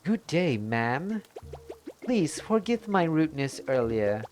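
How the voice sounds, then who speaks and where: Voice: medium pitch, big pitch swings, drawn-out words, voice pushed up. A streamer reading game dialogue aloud in character, voicing a welcoming, formal lodge keeper with a put-on accent. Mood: polite. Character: cheery lodge keeper hosting a guest by a volcano.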